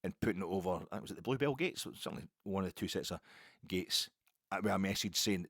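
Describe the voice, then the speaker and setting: Lower-voiced Scottish man on a passionate rant. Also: fast, fairly bright tone, slightly rough, no echo, studio quality. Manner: impassioned ranting, swinging from low musing to high outbursts. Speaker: football podcaster. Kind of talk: opinion monologue.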